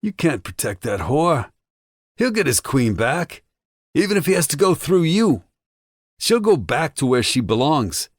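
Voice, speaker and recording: A man's voice: on the high side, sing-song, measured pace, no echo, clean studio sound, pitched above the performer's own voice. A man voicing a crude, spiteful male thug with a Boston accent, slurring and sneering his words. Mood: vicious. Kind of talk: audiobook character voice.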